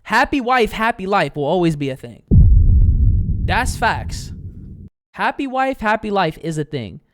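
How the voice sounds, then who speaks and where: A man's voice: sits high, sing-song, a little slow, noisy background. A man co-hosting a stream, chatting loosely and full of slang. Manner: loose, slangy, says "bro" a lot. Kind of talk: casual reaction chat.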